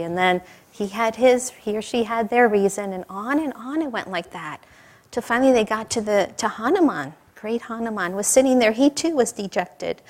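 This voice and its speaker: A woman giving a sermon, telling stories in a conversational way with light laughter and questions to the audience. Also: medium pitch. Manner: warm storytelling with light laughter. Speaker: spiritual teacher. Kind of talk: sermon with storytelling.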